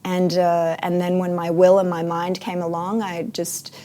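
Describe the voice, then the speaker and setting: Woman, interview guest; lower register, earnest, reflective delivery. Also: level tone, measured pace, dark tone. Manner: earnest, reflective, frequent fillers. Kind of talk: casual interview.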